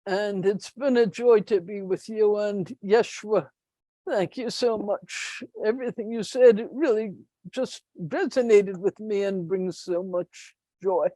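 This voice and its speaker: A woman delivering a channeled spiritual blessing, gentle, solemn and affectionate. She speaks unhurriedly, and her voice sits close and dry with no room around it. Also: medium pitch, takes it slowly, no room sound, poor audio. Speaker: channeler and meditation teacher.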